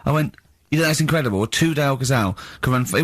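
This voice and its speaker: A man's voice: on the high side, expressive, fast, no room sound. A man hosting a radio show, telling an incredulous, mocking story in radio banter. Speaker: radio host.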